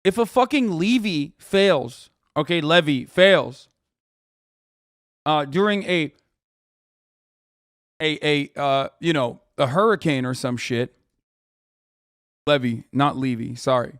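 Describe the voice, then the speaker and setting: A man streaming, commenting heatedly on clips in profane casual talk that rises into shouting rants. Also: a little high, slow pace, long pauses, no room sound, studio quality.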